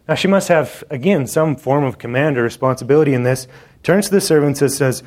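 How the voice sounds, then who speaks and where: A man's voice: fairly high pitch, a little fast, a little mellow. A man preaching a sermon, joking and talking straight to the congregation in an indoor hall. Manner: conversational and joking, addressing the congregation directly.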